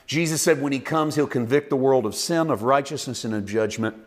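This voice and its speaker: A man pastor preaching a conversational sermon with lively acted-out asides. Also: mid-range voice, brisk, few pauses. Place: church.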